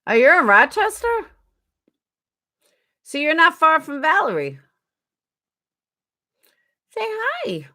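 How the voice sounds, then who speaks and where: A woman's voice: high-pitched, sing-song, a little slow, long pauses, bright, forceful tone. A woman with a New York accent chatting casually on a live stream, answering viewers by name.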